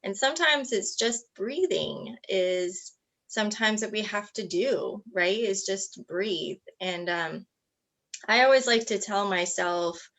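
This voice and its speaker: A woman co-hosting a talk, speaking in a gentle, reflective way with many "you know"s. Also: mid-range voice, expressive, takes it slowly. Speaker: co-host. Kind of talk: casual coaching chat.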